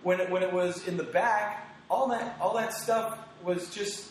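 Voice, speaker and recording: A man hosting a casual podcast chat, giving animated, opinionated takes with quoted asides. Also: high-pitched, measured pace, slight background noise. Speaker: podcast host. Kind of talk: casual conversational podcast talk. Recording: very echoey room.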